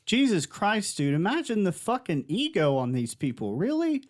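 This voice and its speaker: Lively, sarcastic male podcast co-host. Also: high-pitched, moderate pace. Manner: sarcastic, swears freely, lively jokes. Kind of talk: casual comedic banter.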